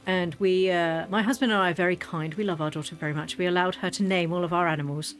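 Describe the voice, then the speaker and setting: A woman's voice: on the low side, steady tone, fast, soft background music. A woman in her thirties, streaming a game and chatting casually, telling funny stories and laughing often. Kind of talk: casual gameplay chat.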